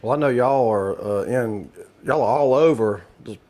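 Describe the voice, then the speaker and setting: A man's voice: mid-range voice, moderate pace, a little mellow. Southern guy hosting a cooking show, keeps saying uh, mid voice, guitar music behind. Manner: rambling, hesitant, many fillers. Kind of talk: casual cooking show chat.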